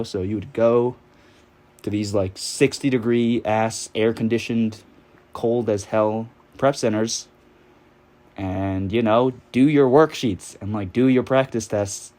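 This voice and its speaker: A man's voice: lowish voice, a little slow, a little mellow. A man in his twenties from New York, telling a story in a rambling, casual way, full of fillers and swearing while he plays a game. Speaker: vlogger.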